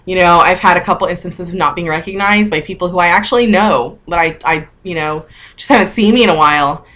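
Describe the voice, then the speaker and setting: A woman's voice: on the low side, fairly quick, fairly bright tone. Woman in her thirties, casual vlog, candid, chatty, emotional, talking to camera. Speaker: vlogger.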